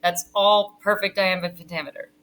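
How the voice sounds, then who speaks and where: A woman's voice: mid-range voice, fairly even intonation, normal speed, fairly bright tone, slight background noise. A woman teacher giving a casual lesson from home, chatty and full of ums and restarts. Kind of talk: casual online literature lesson.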